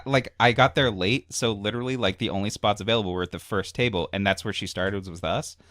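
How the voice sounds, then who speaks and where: A man's voice: on the low side, fast, fairly bright tone, no room sound, studio quality. A man on a podcast telling a long, rambling story in a casual chat, full of fillers and little laughs. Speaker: podcast co-host.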